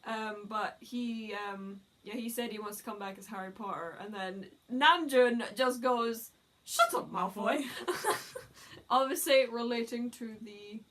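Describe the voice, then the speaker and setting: Bright, giggly young woman. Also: fairly high pitch, measured pace. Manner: excited, giggly storytelling with many fillers. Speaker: vlogger. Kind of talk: casual chat.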